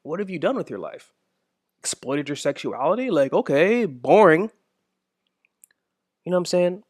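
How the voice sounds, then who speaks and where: A man's voice: a little high, big pitch swings, brisk, husky, dry recording, clean studio sound. A young man hosting a podcast, ranting casually with heavy profanity, emphatic and repetitive. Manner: profane, emphatic, repeats himself. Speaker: podcast host. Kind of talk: casual monologue rant.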